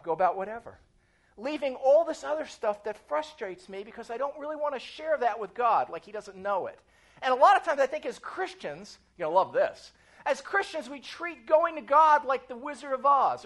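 A woman pastor preaching a sermon, animated and asking her congregation questions. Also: on the high side, brisk.

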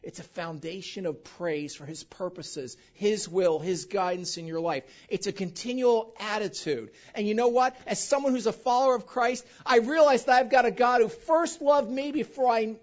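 A pastor preaching a sermon in a church, animated and quizzing the congregation with call-and-response questions. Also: male voice, sits high, moderate pace, few pauses. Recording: dull lo-fi recording.

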